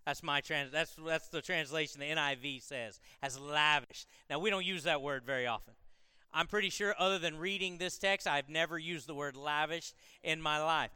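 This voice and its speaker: A man's voice: a little high, normal speed, sharp tone, smooth, no room sound, studio quality, long reverb tail. A man preaching a conversational sermon to a congregation, moving from casual asides to emphatic, repeated lines. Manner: conversational, building to emphatic repetition. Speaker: pastor.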